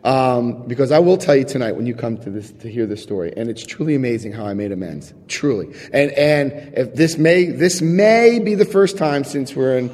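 A man sharing his recovery story with a live audience, telling it in an animated, chatty way, acting out scenes and checking in with his listeners. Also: medium pitch, moderate pace, hardly any pauses, in a large hall. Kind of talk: personal testimony to a live audience.

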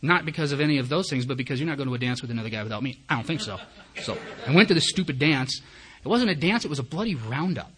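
A man's voice: mid-range voice, lively intonation, fast talker, fairly bright tone. A man giving personal recovery testimony at a meeting, a candid and self-mocking storyteller who acts out his own thoughts.

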